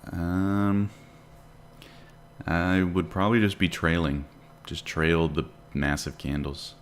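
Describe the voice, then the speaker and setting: A man's voice: sits low, level tone, takes it slowly, a little hiss or hum. A man hosting a live day trading stream, chatting casually and answering viewer questions while he watches the charts. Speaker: day trading livestream host.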